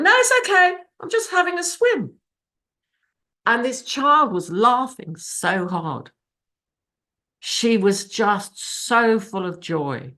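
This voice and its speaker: This middle-aged woman's voice sits fairly low with a slightly bright quality. She swears freely while offering an emotional, candid share to a recovery fellowship meeting by video call.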